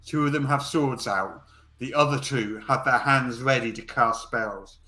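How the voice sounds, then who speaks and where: A man narrating as game master of a tabletop role-playing game in an easygoing, relaxed way. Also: medium pitch, unhurried.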